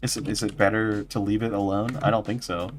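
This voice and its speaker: A man's voice: lowish voice, steady tone, brisk, soft background music. A man streaming as a vtuber, chatting casually and playfully with his viewers and laughing often. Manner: giggly, playful, reacting to chat. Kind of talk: casual livestream chat.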